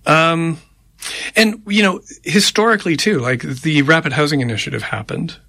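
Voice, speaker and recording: A man's voice: a little high, normal speed, creaky, pushed and bright, dry recording, clean studio sound. A man co-hosting a radio show, chatting casually about city politics in a conversational, rambling way. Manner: conversational, rambling, tallies names aloud. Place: radio studio. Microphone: studio microphone.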